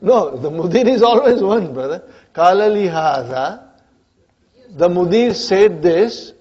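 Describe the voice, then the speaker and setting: High-voiced man teaching a grammar class. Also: expressive, a little slow, warm tone, slightly rough, dull audio. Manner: checks in often with "huh?" and "brothers and sisters". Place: community centre classroom.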